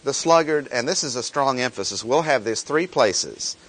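A man teaching a sermon in an unhurried, deliberate voice. He reads scripture aloud and then explains it in plain words, repeating the key phrases for emphasis. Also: medium pitch, expressive, fairly bright tone. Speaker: preacher.

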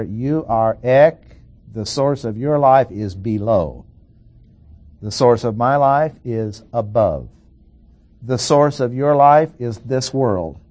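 Slow, deliberate male Bible teacher. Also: medium pitch, darkish tone. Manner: slow, deliberate, repeats key phrases for emphasis. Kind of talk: expository Bible lesson.

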